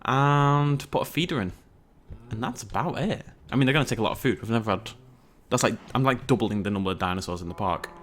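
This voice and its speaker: A man's voice: medium pitch, quick pace, a bit bright, a little hiss or hum. A man, hosting a let's play and giving casual, rambling gameplay commentary while chatting to his viewers. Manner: chatty, rambling, self-mocking, talks to viewers.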